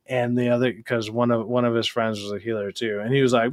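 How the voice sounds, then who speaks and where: Male stream guest, mid-pitched, dry and close, halting delivery, swears bluntly. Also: fairly even intonation, a bit bright, no echo. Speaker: guest gamer. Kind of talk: casual chat.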